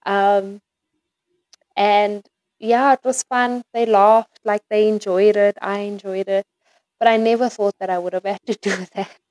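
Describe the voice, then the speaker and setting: A woman's voice: mid-range voice, steady tone, measured pace, a little mellow, dry recording, poor audio. A young woman from South Africa, a podcast guest, chatting casually with lots of "like" and "um" and frequent giggles. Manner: giggly, chatty, many fillers like "like" and "um". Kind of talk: casual interview chat.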